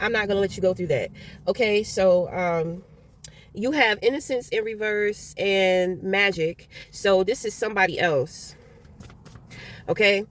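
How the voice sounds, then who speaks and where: A woman giving a casual tarot reading, talking bluntly and with plenty of swearing as she tells stories with animated energy. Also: mid-range voice, a little hiss or hum. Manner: blunt and profane, animated storytelling. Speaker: tarot reader.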